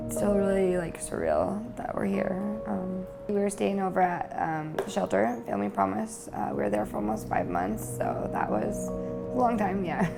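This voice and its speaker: A woman's voice: medium pitch, creaky. A young mother sharing her story in a chatty testimonial, laughing a lot and tearful at times. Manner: chatty, lots of fillers and laughs. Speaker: new resident, mother. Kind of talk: testimonial interview.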